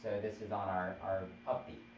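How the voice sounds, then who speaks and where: A man's voice: deep voice, little pitch movement, normal speed. Man teaching chant theory, distant and roomy. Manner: patient explaining, demonstrating beats by counting. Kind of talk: live-streamed music theory class. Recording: roomy, distant, dull live stream with noise.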